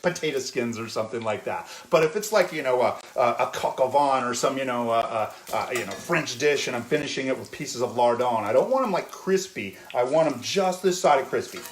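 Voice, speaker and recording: A man's voice: mid-range voice, echoey room, slight background noise. A man hosting a casual live cooking demo in his kitchen, chatting with viewers and often checking in with "okay?". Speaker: chef hosting a cooking stream. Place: home kitchen.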